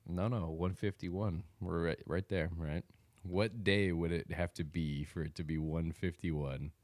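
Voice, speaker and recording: A man's voice: sits low, steady tone, a little slow, darkish tone, dry recording. A man co-hosting a podcast in casual chat, teasing and sarcastic with his partner. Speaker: podcast co-host.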